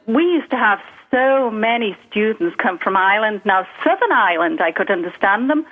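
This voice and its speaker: A middle-aged woman with a Liverpool accent, calling in and telling stories in a lively way, laughing often. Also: medium pitch, normal speed. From Liverpool, England. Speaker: guest caller. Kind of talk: casual chat. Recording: tinny phone line.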